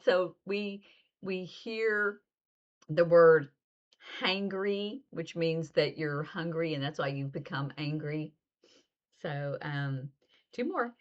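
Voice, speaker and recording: A woman's voice: low voice, slow. Chatty woman teaching in a lo-fi video. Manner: chatty, acts out little example dialogues. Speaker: sign language teacher. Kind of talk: casual video lesson.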